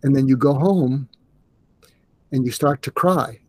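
An older man, a psychiatrist guest in an interview, speaking earnestly in a halting way with restarts. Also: medium pitch, darkish tone, no room sound. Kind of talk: conversational interview.

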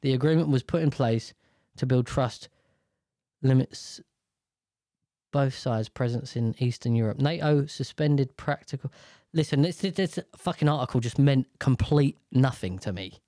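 A man's voice: medium pitch, measured pace, dark tone, no echo, clean studio sound. A man reading news stories aloud, stumbling over hard words and ranting about them with lots of swearing. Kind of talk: casual reaction commentary.

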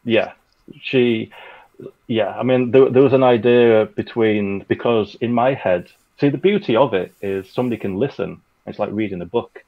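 A man's voice: mid-range voice, moderate pace, muffled recording. A man who makes an audio drama, chatting casually and rambling with lots of fillers. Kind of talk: casual chat.

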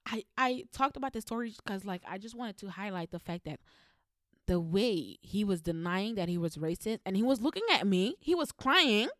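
A woman's voice: mid-range voice, lively intonation, normal speed, a bit bright, dry recording, clean studio sound. A woman vlogger telling a personal story in a blunt, heated manner, swearing constantly. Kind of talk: storytelling monologue.

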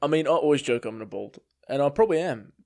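A man's voice: fairly high pitch, animated, quick pace, creaky, a little mellow. A young man in casual podcast chat, swearing and laughing through a work story. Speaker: podcast co-host.

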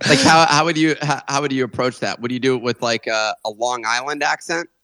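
A man's voice: mid-range voice, brisk, pushed and bright, no room sound. Jokey man on a dry mic. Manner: jokey, laughs often, restarts. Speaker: co-host. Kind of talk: casual podcast chat.

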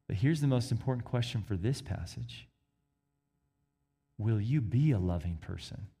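A man preaching a sermon, swinging between emphatic rises and hushed, quiet drops. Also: on the low side, expressive, normal speed, breathy edge.

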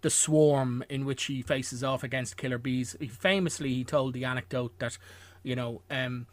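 A man's voice: mid-range voice, fairly even intonation, normal speed, dry recording. A man hosting a casual film podcast, rambling through a career with asides and restarts. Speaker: podcast host.

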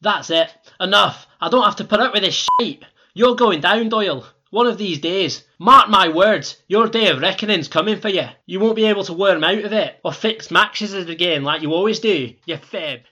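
An actor playing a bitter, crude Scottish football manager in a wheelchair, with a Scottish accent, in a comedy sketch. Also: male voice, high voice, moderate pace, bright, forceful tone, highs cut off. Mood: furious. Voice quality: crude, blunt, grudging.

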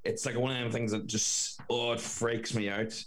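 A man's voice: medium pitch, level tone, moderate pace, low-quality recording. A man, a former firefighter, rambling with lots of fillers on a podcast. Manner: rambling, filler-heavy talk. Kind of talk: casual podcast chat.

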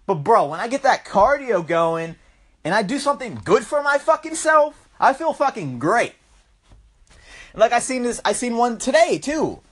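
A man's voice: very high-pitched, big pitch swings, normal speed. A man delivering an impassioned, swear-filled ranting monologue, constantly saying bro and dude. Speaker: vlogger.

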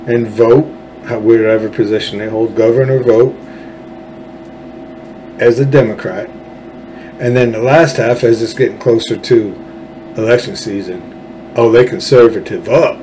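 A Texan man hosts his own show and rants about politics, angry, sarcastic and profane. His voice is mid-range and warm, but the recording is low quality with a little hiss or hum.

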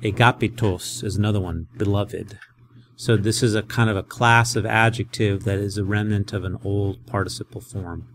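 A lowish-voiced male professor leads a Greek lesson in a chatty, animated way. Soft background noise sits under his voice. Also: moderate pace. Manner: conversational, animated explaining.

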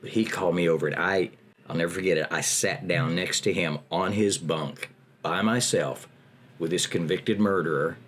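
An older man, a prison ministry volunteer, tells personal stories in an interview in a folksy, animated way. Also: deep voice, normal speed.

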